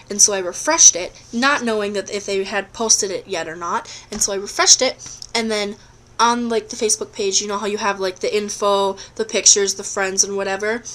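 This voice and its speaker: A young woman vlogger telling a long personal story in a casual, rambling, excitable way, full of "like" and "um". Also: mid-range voice.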